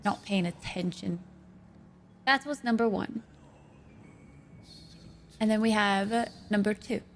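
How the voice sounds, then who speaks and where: A woman's voice: mid-range voice, slow pace, a little hiss or hum. A woman streaming live, chatting with her viewers in a playful way, swearing freely and laughing often.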